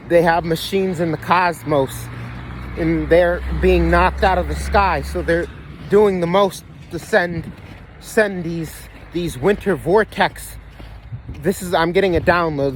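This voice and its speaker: There's a little hiss or hum behind this man's high-pitched voice as he delivers a conspiracy rant outdoors into his phone. The vlogger swears, rambles, restarts his sentences and says things over again.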